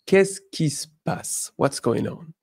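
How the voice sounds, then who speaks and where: Upbeat French male teacher with a lively, unhurried delivery and slow, careful example sentences. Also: on the high side, vocal fry, slightly rough. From France. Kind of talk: online language lesson.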